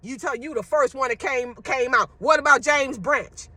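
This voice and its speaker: High-pitched, blunt woman ranting. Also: moderate pace, sharp tone, no room sound. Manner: emphatic, blunt, profane. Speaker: social media commentator. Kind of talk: ranting monologue to viewers.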